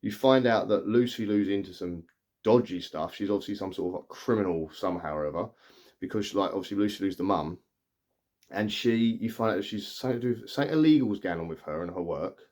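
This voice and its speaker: A man's voice: deep voice, fast, a little mellow. A man, chatting casually and rambling through a film plot, often restarting his sentences. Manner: rambling, chatty, full of restarts and acted-out quotes. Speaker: film reviewer. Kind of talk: casual spoken film recap.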